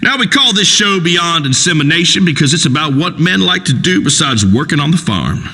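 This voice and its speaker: A man's voice: fairly high pitch, expressive, brisk, pushed and bright, husky, long reverb tail, exaggerated voice, rough recording. An actor playing a crude, macho rural male talk-radio host in a comedy game radio show, drawling and preachy. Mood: boastful.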